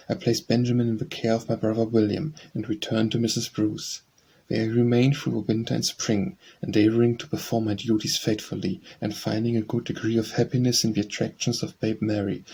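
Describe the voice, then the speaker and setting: A man narrating an audiobook memoir in a measured, even reading. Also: on the low side, husky. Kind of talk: scripted narration.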